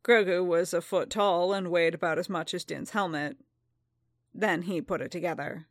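A woman narrating a story aloud in an even, calm reading voice. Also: on the low side, a little slow, dry recording, clean studio sound. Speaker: reader.

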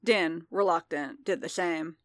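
A woman narrating a story in a measured, calm reading voice, close to the mic. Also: lowish voice, no echo. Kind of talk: audiobook fan fiction reading.

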